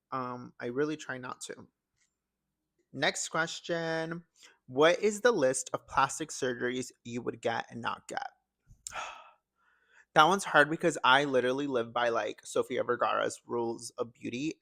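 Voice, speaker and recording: Young man, podcast host, casual emotional chat, bright tense voice, dry recording. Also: mid-range voice, creaky, no echo. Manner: chatty, fillers of "like", emotional and sensitive.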